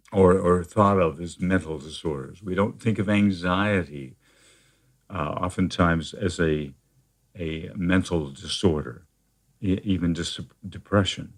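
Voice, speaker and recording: Male therapist guest, very low voice, measured explainer, lots of "uh" and restarts. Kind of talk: conversational interview.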